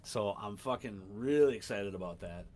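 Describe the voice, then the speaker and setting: A man in his thirties hosting a casual solo podcast from home, rambling, swearing and getting excited. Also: on the low side, normal speed, slight background noise. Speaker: podcast host. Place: home room.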